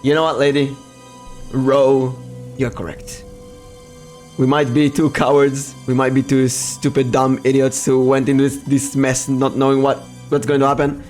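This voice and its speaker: A man's voice: mid-range voice, level tone, normal speed, a little mellow, faint music behind, close to an everyday voice. A man voicing a cowardly, boastful young male adventurer who whines and panics. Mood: rousing. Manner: whiny, panicky, self-referring in third person.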